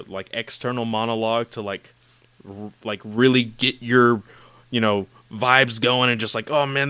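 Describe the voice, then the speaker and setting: Excitable guy, smooth voice. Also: mid-range voice, no room sound. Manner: excitable, gushing, heavy use of "like" and "you know". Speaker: podcast host discussing anime. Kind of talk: casual chat.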